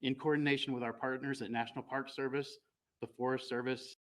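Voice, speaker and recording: A man speaking as a law enforcement spokesman, giving a measured, formal statement from prepared remarks at a press conference. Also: mid-range voice, level tone, low-quality recording.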